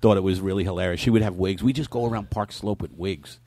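A male comedian guest chatting on a podcast, loud and shouty with bursts of laughter. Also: low-pitched, steady tone, fast talker. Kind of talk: casual podcast chat.

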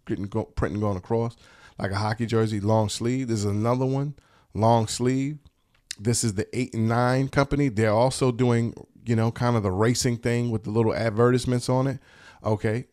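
A man of ordinary middle pitch chats loosely through a stack of shirt designs. He is laid-back and slangy, cheerfully hyped, and he swears now and then as he goes. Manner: relaxed, slangy and enthusiastic, repeats "dope", swears. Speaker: host of a t-shirt business channel. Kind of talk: casual talk showing shirt designs.

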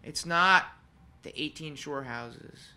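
A man serving as funeral celebrant, giving an earnest, heartfelt eulogy in a conversational manner with pauses. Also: on the high side, sharp tone, a little hiss or hum. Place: funeral home chapel.

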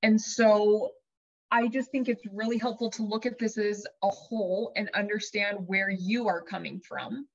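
A woman life coach explaining ideas to her audience, lively and chatty, sometimes putting on her own dramatic inner voice as an example. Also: mid-range voice, moderate pace, muffled recording. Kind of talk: teaching talk to an audience.

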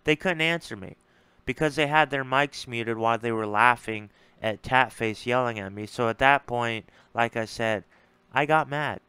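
A man's voice: mid-range voice, pushed and bright, clean tone, dry recording. A man ranting bluntly and with profanity in a casual monologue, frustrated and repeating himself as he responds to an argument. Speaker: streamer responding to a debate.

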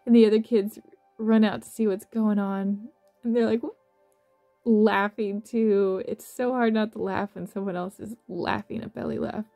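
A woman narrating a guided visualization in a soft, slow, affectionate way, with gentle laughs. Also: mid-range voice, steady tone, faint music behind. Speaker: meditation guide.

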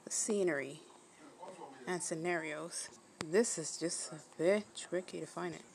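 A woman's voice: on the low side, unhurried, vocal fry, a little mellow, poor audio. A woman giving casual, rambling reaction commentary, thinking aloud as she watches. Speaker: video reactor. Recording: video soundtrack music playing behind.

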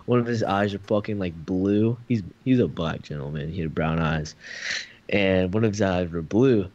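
A man's voice: low-pitched, moderate pace, a little mellow, dull audio. A young man telling a rambling story in casual chat, swearing often and full of fillers. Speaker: podcast co-host.

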